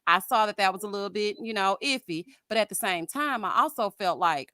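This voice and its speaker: A woman's voice: medium pitch, a little fast, few pauses, no echo. A woman hosts a casual live stream and talks back to her viewers with sass and flair. Her voice sits mid-range and sounds dry and close. She keeps calling people "honey" and "child.". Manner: sassy, animated, says "honey" and "child". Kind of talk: casual reality TV commentary.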